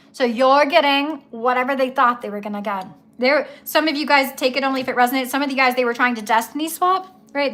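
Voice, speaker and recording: A woman's voice: high-pitched, bright, forceful tone. A young woman giving a casual tarot reading, chatty and emphatic, with slangy asides and repeated key words. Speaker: tarot reader.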